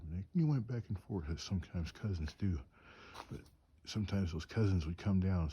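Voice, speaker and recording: A man's voice: sits low, warm tone, breathy edge. A man telling stories in a rambling, chuckling way, cold and shivering outdoors at night. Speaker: storyteller and craftsman. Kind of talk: casual storytelling. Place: outdoors at night on a mountain trip.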